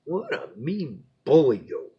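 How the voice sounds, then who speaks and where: A man hosting a bedtime story show, reading a children's story in a playful, animated way. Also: a little high, slow pace, slightly rough, muffled recording.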